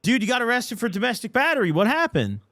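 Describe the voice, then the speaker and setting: A man's voice: very high-pitched, very animated, fast talker, a bit bright, dry recording, clean studio sound. A male podcast host giving casual, sarcastic commentary with lots of wisecracks. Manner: sarcastic, wisecracking, says dude a lot.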